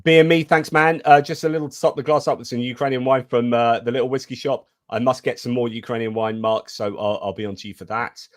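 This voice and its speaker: A man's voice: medium pitch, steady tone, a little fast, few pauses, no room sound, clean studio sound. A man co-hosting a casual live stream, chatting about the news and reading out viewer comments.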